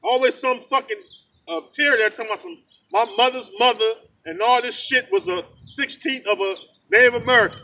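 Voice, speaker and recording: A man's voice: very high voice, lively intonation, brisk, sharp tone. A man preaching heatedly outdoors, fiery and profane, tagging sentences with "man". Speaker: street preacher. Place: outdoors in the rain. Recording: distant mic with outdoor noise.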